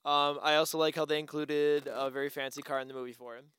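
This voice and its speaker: A man's voice: on the high side, flat delivery, fast talker, a bit bright, clean tone, dry recording. A man chatting casually about a movie, blunt and swearing when something annoys him. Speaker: movie reviewer. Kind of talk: casual chat.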